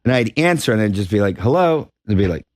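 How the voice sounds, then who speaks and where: A man's voice: lowish voice, very animated, quick pace, darkish tone, no room sound. A man guesting on a radio talk show, telling self-deprecating stories about his past and laughing often. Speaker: guest actor. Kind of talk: casual radio interview.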